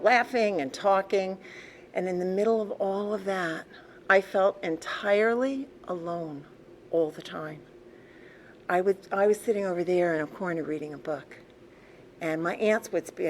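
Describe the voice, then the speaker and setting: An older woman speaks candidly to a group, recounting her past in a relaxed, conversational way. Her voice sits a little low, with restarts and small laughs along the way. A faint hiss of background noise lies under the recording. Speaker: recovery meeting speaker. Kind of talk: personal story told to a group.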